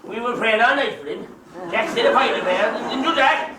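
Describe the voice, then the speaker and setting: A man with an Irish accent playing a loud, teasing, scheming countryman in an amateur stage play, heard from far off on an echoey stage. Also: very high-pitched, fairly quick. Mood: boisterous. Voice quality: teasing, boisterous and pushy. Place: theatre stage. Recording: echoey stage recorded from far off with faint hiss.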